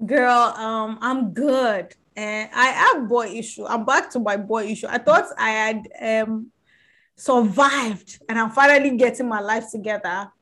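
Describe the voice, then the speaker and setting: A woman with a slightly high voice co-hosts a podcast in a laid-back, candid way. She banters easily and laughs often. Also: unhurried, a bit bright. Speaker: podcast co-host. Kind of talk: casual chat.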